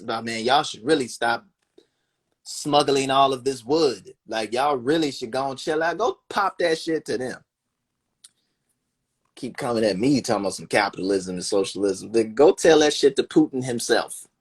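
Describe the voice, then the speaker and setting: A man hosting a livestream, ranting in an animated, profane and sarcastic way, talking into a phone. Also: medium pitch, unhurried, slightly rough. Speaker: livestream host. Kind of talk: casual livestream rant.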